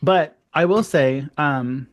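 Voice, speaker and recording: A man's voice: a little high, slow pace. A man co-hosting a horror podcast, chatting casually and telling stories with jokes. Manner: chatty, jokey, animated storytelling with laughs. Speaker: podcast co-host.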